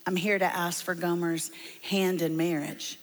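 A woman's voice: fairly low pitch, level tone, unhurried, close to an everyday voice. A shy, polite young man, as a woman preacher plays him, stumbling earnestly over his words. His voice sounds through a large hall with a long echo. It is a story told inside a sermon. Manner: hesitant, polite.

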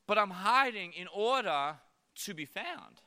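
A man in his thirties preaches from a church stage, his voice pitched high and ringing very bright. He tells his story playfully, slipping into little voices, and each phrase trails off into a long reverb in the hall. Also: expressive, measured pace. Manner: playful, acts out voices of his child and God. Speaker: pastor. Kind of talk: sermon.

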